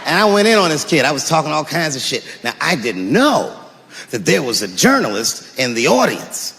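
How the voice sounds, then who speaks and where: A man performing a stand-up comedy set on stage, telling a story with animated delivery and shouted punchlines. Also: fairly high pitch, moderate pace, gravelly. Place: comedy stage, live audience. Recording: reverberant live venue with audience noise.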